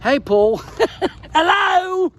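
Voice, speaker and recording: A man's voice: very high-pitched, very animated, drawn-out words, fairly bright tone, voice pushed up, exaggerated voice. A man putting on an exaggerated, off-target British accent to read a letter as its British writer, hamming it up playfully. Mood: hammy, playful. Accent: put-on British, admittedly off. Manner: playful, hammy, laughing through it.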